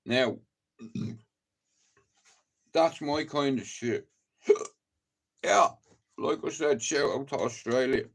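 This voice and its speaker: Man, Dublin accent, casual live-stream chat, rambling, swears a lot, slow unhurried delivery. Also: mid-range voice, creaky, slightly rough. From Ireland. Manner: rambling and heavily profane, chatty storytelling.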